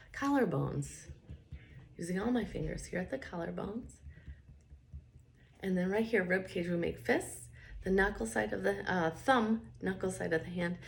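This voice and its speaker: A woman coaching a guided tapping session, speaking calm affirmations for the listener to repeat after her. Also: mid-range voice, measured pace, gravelly, long pauses, a little hiss or hum.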